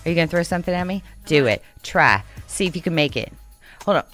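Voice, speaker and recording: A woman co-hosting a local radio talk show, speaking in a fairly low voice. She chats in a bubbly, rambling way and laughs easily. Faint music plays under her voice. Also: lively intonation, fast, a bit bright. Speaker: radio co-host. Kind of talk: casual radio chat.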